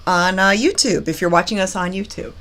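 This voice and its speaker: A woman's voice: mid-range voice, fairly even intonation, fairly quick, a bit bright, rough recording. A female horror movie host chatting and giggling while reading movie trivia. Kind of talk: live-stream chat with movie trivia.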